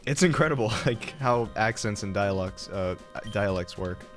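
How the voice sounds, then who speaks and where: A man's voice: lowish voice, moderate pace, faint music behind. A young man streaming a game and chatting casually, rambling with lots of fillers and laughs. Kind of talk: casual chat while playing.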